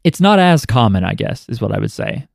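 Brief: male podcast co-host, animated and joking, dry close sound. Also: lowish voice, fairly quick, gravelly, no echo. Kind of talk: casual chat.

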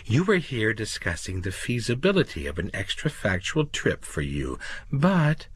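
Man doing a coy, breathy receptionist. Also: fairly low pitch, very animated, normal speed, dry recording, voice pushed up.

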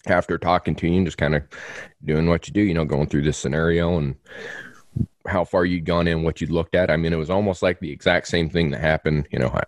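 A man co-hosting a casual hunting podcast, relaxed and teasing, laughing easily. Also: low-pitched, a little fast, no room sound, studio quality. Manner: laid-back, laughs often, teasing. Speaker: podcast co-host.

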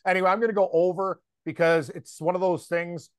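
Excitable guy rambling about bets, kinda high voice, dry close sound. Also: fairly quick, no echo. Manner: rambling, excitable, lots of fillers. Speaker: sports betting podcast co-host. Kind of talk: casual chat.

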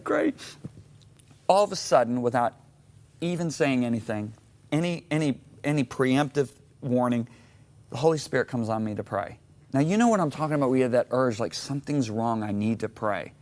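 This is a middle-aged man from Michigan, a guest telling a long personal story in an interview. He is animated and vivid, climbing high when he acts out his own shouting and dropping low and quiet for the serious turns. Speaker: guest author.

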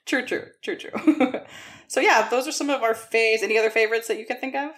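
A woman's voice: a little high, brisk, a bit bright. A woman co-hosting a podcast in a casual, chatty way, telling stories and laughing often; English is her second language. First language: not English. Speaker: podcast co-host. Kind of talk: casual chat.

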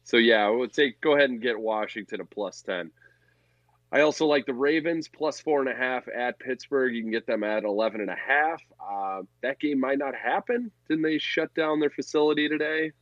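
A man's voice: mid-range voice, a little fast, a bit bright, dry recording, lo-fi sound. A man co-hosting a casual sports betting podcast, talking bluntly and profanely in a ranting way. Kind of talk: casual chat.

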